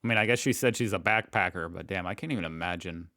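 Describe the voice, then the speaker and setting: Brief: American man reacting on camera, very low voice, dry close sound, loose and self-mocking. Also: quick pace, pushed and bright, no echo. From United States. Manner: rambling, joking and self-mocking. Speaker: reaction video host. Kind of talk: casual reaction commentary.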